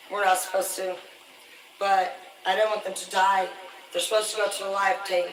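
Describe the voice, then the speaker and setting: A man telling rambling, profane stories about fishing work on a live stream, loose and boastful. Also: high-pitched. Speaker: livestreamer, former commercial fisherman. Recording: echoey, distant, noisy room.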